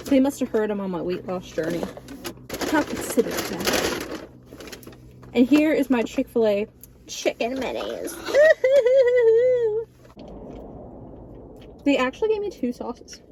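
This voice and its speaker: Sarcastic young woman vlogger, higher voice. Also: wildly swooping pitch, a little slow, long pauses, warm tone, slight background noise. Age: early 20s. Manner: sarcastic, dramatic storytelling. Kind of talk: casual mukbang chat.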